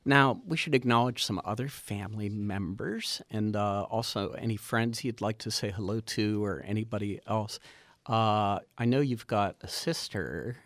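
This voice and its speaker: A man's voice: on the low side, normal speed, no echo. A man hosting a radio show, chatting with his guests in an easygoing, chuckling way. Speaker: radio host interviewing guests. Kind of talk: casual radio interview.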